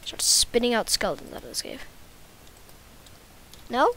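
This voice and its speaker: A woman's voice: on the high side, sing-song, a little slow, pushed and bright, slight background noise. A woman giving casual, rambling, self-mocking commentary while playing a video game. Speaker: gaming YouTuber.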